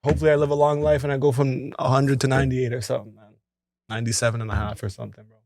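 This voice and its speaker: A man's voice: mid-range voice, level tone, racing, a little mellow, dry recording, studio quality. A man co-hosting a casual podcast chat, slangy and laid-back, laughing often. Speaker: podcast co-host.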